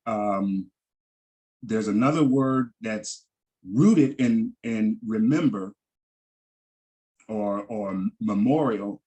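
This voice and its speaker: A man's voice: lowish voice, a little mellow. A man teaching a Hebrew vocabulary lesson, patiently repeating each word with frequent ums and restarts.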